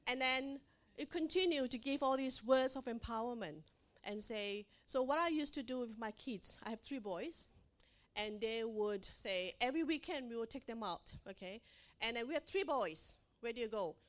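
A middle-aged woman from Asia giving a motivational talk to mothers, animated and acting out quoted dialogue. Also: on the high side, normal speed. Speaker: parenting speaker.

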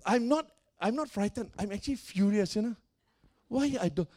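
A middle-aged man preaching a lively storytelling sermon, laughing often and swinging between loud and soft. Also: sits high, normal speed. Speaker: pastor.

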